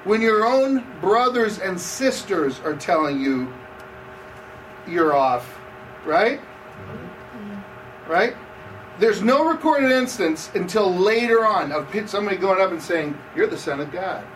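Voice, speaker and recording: A man's voice: high-pitched, very animated, takes it slowly, long pauses, fairly bright tone, far from the mic, a little hiss or hum, rough recording. A man preaching a conversational sermon, asking the audience questions as he goes. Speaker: campus pastor. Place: room with seated audience.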